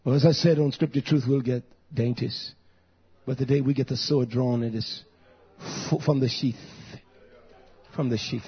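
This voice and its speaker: A man in his fifties preaching a fiery sermon, dropping to low growls and rising to shouts. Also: fairly even intonation, moderate pace, breathy edge, lo-fi sound. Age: 50s.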